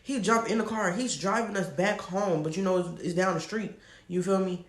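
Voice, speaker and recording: A man telling a personal story to camera in a casual, animated, slangy way. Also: sits high, moderate pace, roomy sound. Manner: animated, slangy, laughs often. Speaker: storytime vlogger.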